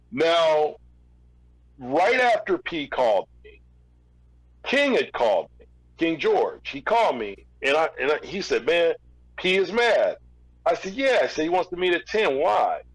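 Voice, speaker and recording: A man's voice: on the high side, big pitch swings, measured pace, pauses often, dry recording, poor audio. A middle-aged man, a former record label executive, tells a story as a podcast guest, acting out both sides of each exchange and often restarting his sentences. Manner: recounts events through quoted back-and-forth dialogue; frequent restarts and repeated words. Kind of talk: storytelling in a casual interview.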